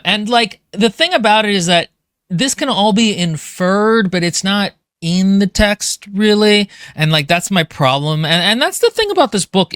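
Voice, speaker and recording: A man co-hosting a casual book podcast, talking in an animated, rambling way with lots of fillers and restarts. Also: sits high, clear, resonant tone, no echo, studio quality. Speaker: podcast co-host.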